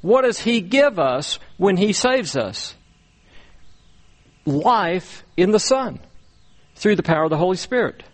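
A man preaching a sermon, speaking deliberately with frequent pauses and repeated words as he walks through scripture. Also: high voice, very animated. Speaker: pastor.

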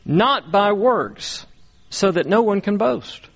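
Guy preaching slow and careful, kinda high voice, lots of pauses and repeats. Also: lively intonation, creaky, slightly rough. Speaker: pastor. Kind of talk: sermon.

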